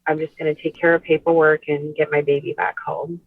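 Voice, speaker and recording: A woman guest on a podcast, telling a personal story in a soft, halting way with many "like" and "you know" fillers. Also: sits low, level tone, no room sound. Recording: tinny phone line.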